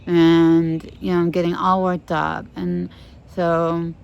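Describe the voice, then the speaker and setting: Slow-talking woman therapist outdoors. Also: on the low side, flat delivery, gravelly, smooth, highs cut off. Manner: gentle, demonstrates slow breathing. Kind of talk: calm instructional talk. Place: outdoors in the sun. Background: birds singing.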